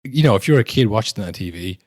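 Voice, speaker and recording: A man's voice: fairly low pitch, rapid-fire, no echo, clean studio sound. A man, co-hosting a casual football podcast and acting out referees and players as he argues. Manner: animated, acts out quoted referees and players. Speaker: podcast co-host.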